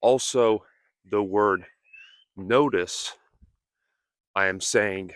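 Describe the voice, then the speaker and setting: A man's voice: low-pitched, extremely slow, long pauses, a bit bright, smooth, no echo, clean studio sound. A male English teacher speaking in short, careful phrases while walking outdoors, a little out of breath. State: slightly out of breath. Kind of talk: slow, deliberate teaching speech. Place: outdoors on a nature walk.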